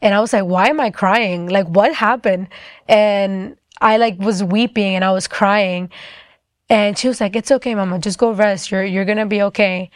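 A woman's voice: medium pitch, moderate pace, no echo, clean studio sound. Young woman telling a personal story. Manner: casual, conversational, frequent "like" fillers.

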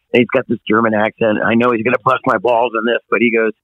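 A man's voice: medium pitch, little pitch movement, fast, hardly any pauses, dry recording, narrow, tinny audio. A man who is a guest singer, rambling and joking as he tells stories in a casual radio interview. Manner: rambling, jokey storyteller.

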